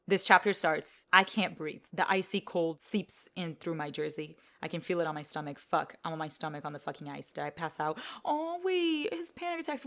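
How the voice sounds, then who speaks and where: Bright-voiced chatty woman book vlogger. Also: low voice, vocal fry. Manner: chatty and rambling, with excited gasps and cursing. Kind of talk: casual vlog chat.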